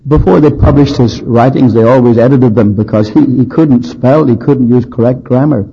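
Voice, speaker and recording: A male preacher with a husky voice, telling a sermon's historical stories with dry humor and emphasis. The recording sounds dull and lo-fi, like an old tape. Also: mid-range voice, moderate pace. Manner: anecdotal, dryly humorous, emphatic.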